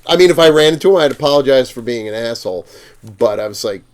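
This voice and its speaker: Animated and fast, the fang-making podcast guest delivers casual stories in a mid-range voice. He swears freely and laughs as he voices the people in them, recorded in a podcast studio.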